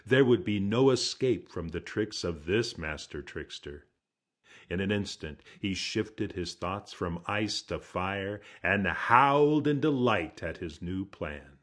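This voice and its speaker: A man telling a folk tale in a slow, hushed, dramatic way. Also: lowish voice. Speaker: storyteller. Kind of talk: storytelling narration.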